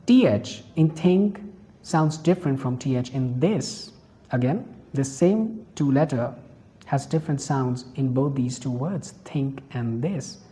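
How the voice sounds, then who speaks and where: A teacher with an Indian English accent walks through a pronunciation lesson, patient and explanatory, going back over each point. The voice is mellow and soft-edged, sitting at a middling pitch. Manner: patient and explanatory, repeats points and spells out examples slowly.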